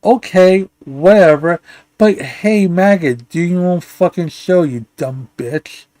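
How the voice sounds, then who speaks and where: A man's voice: sits high, takes it slowly, dark tone, dry recording. A man hosting a live commentary stream, ranting in a profane, insulting way and stumbling over restarts. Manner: angry, insulting, stammers and restarts. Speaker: livestream commentary host.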